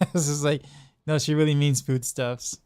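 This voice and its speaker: A man's voice: fairly high pitch, level tone, a little slow, a little mellow, clean tone. A man chatting casually while streaming a game. He laughs often and repeats himself. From Southeastern United States. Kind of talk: casual chat while gaming.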